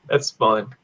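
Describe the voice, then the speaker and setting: A man teaching an online English class on idioms, playful, laughing often and repeating phrases slowly. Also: muffled recording. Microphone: video call.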